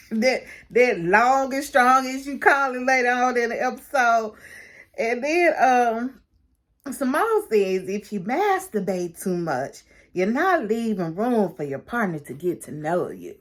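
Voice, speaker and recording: A woman's voice: on the high side, lively intonation, a little slow. A woman recapping a reality show in casual, gossipy talk, laughing often. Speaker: recap vlogger.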